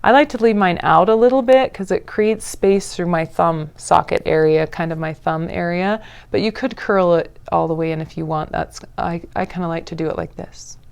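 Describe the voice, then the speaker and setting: A woman teaching a yoga breathing practice in a casual, encouraging way, with playful asides and breathy demonstration sighs. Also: lowish voice, steady tone. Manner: breathy sighs and drawn-out ahs while demonstrating. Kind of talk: guided yoga class instruction.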